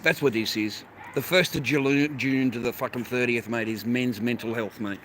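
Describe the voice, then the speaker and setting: A man's voice: medium pitch, moderate pace, fairly bright tone, slight background noise, rough recording. A middle-aged Australian man on a livestream, talking in a blunt, profane, rambling way. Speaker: livestream host. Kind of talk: unscripted livestream rant.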